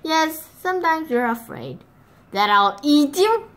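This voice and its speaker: A woman's voice: high voice, very animated, a little slow, fairly bright tone, voice pushed up, full character voice. A woman voicing small baby chicks who plead and whine in childlike voices. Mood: earnest.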